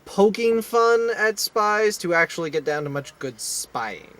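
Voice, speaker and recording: A man's voice: high-pitched, lively intonation, a little slow, fairly bright tone. A man chatting casually about a movie he just saw, rambling and restarting his sentences with wry asides, recorded inside a car. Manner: rambling, self-interrupting, wry. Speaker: co-host. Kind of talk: casual movie review chat.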